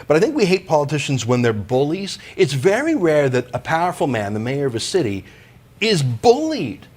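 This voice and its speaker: A man's voice: fairly high pitch, sing-song, fairly quick, darkish tone. A man interviewing on television, talking in a persuasive, opinionated way. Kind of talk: sympathetic TV interview.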